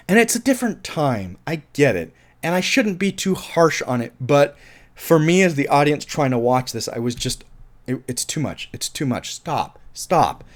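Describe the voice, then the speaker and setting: A man's voice: fairly high pitch, big pitch swings, moderate pace. A man giving a casual, rambling film review, frank and profane, circling back and repeating himself when frustrated.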